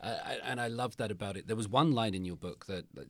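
A man's voice: on the low side, quick pace, no echo. A man hosting an interview, asking long, stacked questions in a casual, chatty way. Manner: asks rambling, stacked questions. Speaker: interview host. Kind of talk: casual conversation.

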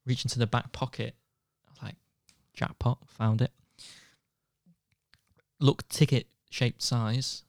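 A man's voice: medium pitch, little pitch movement, normal speed, few pauses, dry recording, studio quality. A young man, co-hosting a podcast and telling a rambling anecdote, acting out quotes between laughs. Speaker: podcast co-host. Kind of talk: casual storytelling chat.

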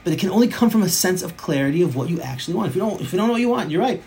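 A man delivers a Torah class at a quick clip, his voice sitting a little higher than most men's. He leans on words by repeating them and drops Hebrew and Yiddish terms into plain speech. A faint hiss of noise runs underneath. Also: lively intonation, darkish tone. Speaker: rabbi teaching a class.

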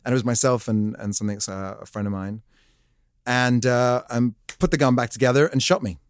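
A man, a podcast guest telling a comic story in a jokey, animated way. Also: medium pitch, brisk, clean tone. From South Africa. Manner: animated, jokey, acts out voices in his stories. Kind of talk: comic storytelling in casual chat.

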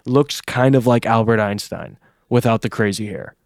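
A young man co-hosts a podcast, rambling through a story in casual conversation and swearing freely. His voice is fairly low and moves at a normal speed, recorded to studio quality with no room sound.

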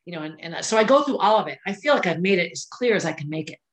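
A middle-aged woman hosting a podcast, telling a personal story with emotion, at times near tears, with pauses and restarts. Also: fairly low pitch, animated, low-quality recording. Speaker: podcast host. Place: indoors, filming herself.

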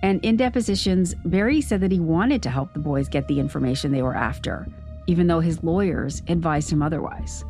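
A woman hosting a podcast, delivering measured, scripted documentary narration. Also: low-pitched, soft background music. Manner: measured, even storytelling.

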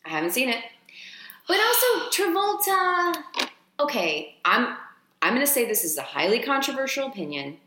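A woman's voice: medium pitch, big pitch swings, quick pace, noisy background. A woman co-hosting a podcast in casual chat, talking freely with lots of swearing and wandering off on tangents. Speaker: podcast co-host. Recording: echoey room.

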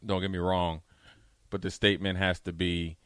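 A man talks football as a sports radio co-host, laid-back and colloquial. His voice is deep and resonant. It sounds dry and close to the microphone. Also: little pitch movement, moderate pace, fairly bright tone, dry recording. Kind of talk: casual sports talk.

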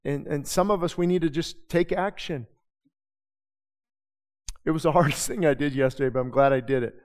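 A male pastor delivers a sermon in a free, talkative manner, full of rhetorical questions and quick digressions. His voice is pitched a touch high for a man, carried by the long echo of a sanctuary.

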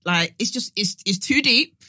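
A woman's voice: mid-range voice, normal speed, dry recording, studio quality. A woman, co-hosting a casual podcast chat, telling stories with lots of laughter. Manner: lively, laughing, animated storyteller. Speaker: podcast co-host.

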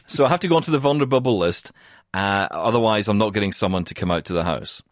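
Lively, low-voiced British man telling a story. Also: fast, no echo, clean studio sound. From United Kingdom. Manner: animated storytelling, often laughing. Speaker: podcast co-host. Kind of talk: casual chat.

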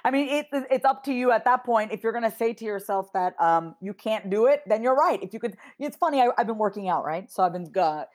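A woman in her thirties, a therapist and podcast guest, telling stories in casual interview chat and acting out quoted lines with lively swings. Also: a little high, fairly quick, few pauses. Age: 30s. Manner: animated storyteller who acts out quoted dialogue, swears casually.

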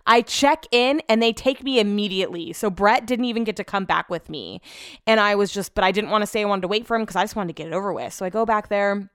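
A woman hosting a podcast, telling a long story in a rambling, animated way, acting out quotes and swearing freely. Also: medium pitch, quick pace, clear, resonant tone, no room sound, clean studio sound. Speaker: podcast host. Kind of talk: casual storytelling monologue.

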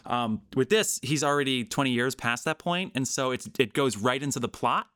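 Guy on a movie podcast, rambly and animated, dry close sound. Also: medium pitch, moderate pace, dry recording. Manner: rambling, animated, self-interrupting. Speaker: podcast host. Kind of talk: casual film discussion.

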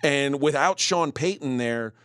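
A man's voice: mid-range voice, a little slow, a bit bright, clear, resonant tone. A man co-hosting a sports betting show in loose, conversational talk. His voice sits in an ordinary middle range. The recording is dry and close, with no room echo. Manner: conversational, talks through point spreads and odds. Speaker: sports betting podcast host.

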